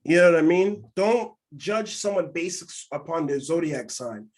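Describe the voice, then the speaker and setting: This is a man co-hosting a casual podcast, speaking. His voice sits high for a man, and he tells candid stories, often acting out what others said. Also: expressive, measured pace. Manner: candid storytelling, acts out quotes in other voices. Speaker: podcast co-host.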